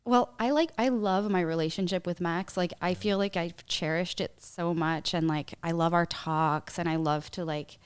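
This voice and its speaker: A woman's voice: fairly low pitch, steady tone, normal speed, few pauses, smooth. A woman guest on a podcast, talking in a chatty, casual way with many "like" fillers. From Canada. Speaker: guest, wedding photographer.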